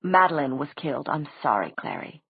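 Soft-spoken warlock read by a woman, husky, low, thin dry audio. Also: dry recording. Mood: sorry. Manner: soft, measured explanation. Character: flamboyant calm male warlock. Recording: dry, tinny phone-like sound.

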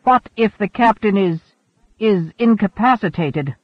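A man's voice: high voice, moderate pace, slightly rough, no room sound. A man voicing a defiant crewman who protests urgently. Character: defiant male crewman, rebellious. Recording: narrow, phone-like, dry sound.

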